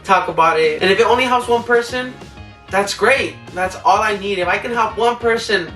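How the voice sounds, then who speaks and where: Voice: mid-range voice, steady tone, moderate pace, fairly bright tone. A young adult vlogger in a rambling, casual advice chat who acts out their own past self-talk. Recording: roomy, distant mic, faint music behind.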